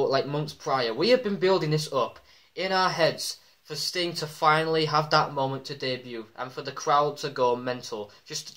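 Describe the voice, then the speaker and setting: Excitable male vlogger, slightly higher pitch, chatty commentary with filler ums. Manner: excitable, many ums, acts out quoted shouts. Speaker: wrestling vlogger. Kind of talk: casual commentary vlog.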